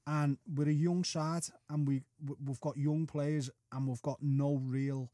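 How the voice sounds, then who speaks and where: A man's voice: on the high side, little pitch movement, a little slow, warm tone, dry recording, studio quality. A man, a panellist on a football podcast, talking bluntly and swearing with passion.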